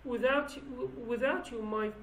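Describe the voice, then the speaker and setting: Female teacher, Kurdish accent, slightly high pitch, explains patiently with restarts; roomy recording. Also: normal speed, fairly bright tone. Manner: explanatory, with many restarts and fillers. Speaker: language teacher. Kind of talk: language lesson. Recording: roomy with faint background noise.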